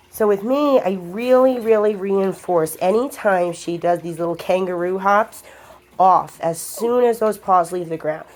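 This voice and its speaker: A woman's voice: medium pitch, a little slow. A woman dog trainer explaining a lesson to viewers while she works a puppy, giving firm short commands in between. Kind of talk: hands-on training demonstration.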